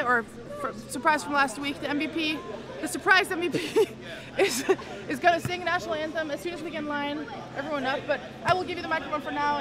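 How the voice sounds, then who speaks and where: A woman with a very high voice does playful, hurried sideline interviews, sometimes flustered as she wrangles people. A loud crowd roars around her throughout. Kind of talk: live event interviewing. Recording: loud crowd noise at live event.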